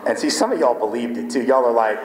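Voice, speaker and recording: Heavy background noise accompanies a man with a medium-pitched voice speaking fast. He's a guest speaker in an echoey lecture hall with long reverb, animatedly telling a story to a live audience, acting out lines and often saying "right?"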